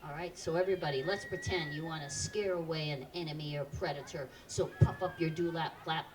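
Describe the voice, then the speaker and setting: A woman's voice: sits low, steady tone, fairly quick, recorded from a distance, very noisy. A woman presenting live animals to children at an outdoor park show, quizzing the audience in an upbeat way.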